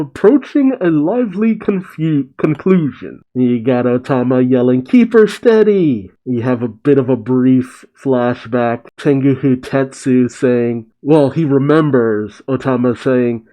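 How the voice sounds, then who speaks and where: A man's voice: mid-range voice, dark tone, poor audio. A man casually recapping a comic chapter as a reaction host, swearing and reacting with feeling. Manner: casual, swears, emotional asides.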